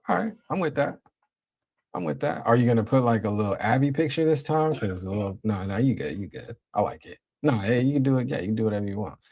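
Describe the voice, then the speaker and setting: A man's voice: mid-range voice, animated, quick pace, gravelly. Laid-back young man streaming to chat. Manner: laid-back slang-heavy, shouting out chat. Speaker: livestream host. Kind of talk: casual livestream chat reading viewers.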